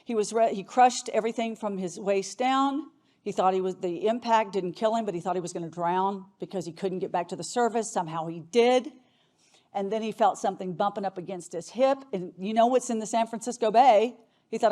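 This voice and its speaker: A woman's voice: medium pitch, moderate pace, mellow. Middle-aged woman, conference speaker, earnest storytelling, emphatic pacing, mid-range voice. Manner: earnest, varies pace and volume for emphasis. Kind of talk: emotional keynote storytelling.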